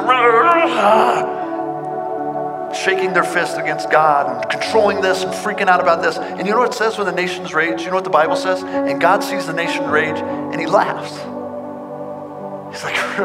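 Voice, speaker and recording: A male pastor preaching an earnest, conversational sermon with frequent restarts. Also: a little high. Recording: long hall reverb, loud music behind.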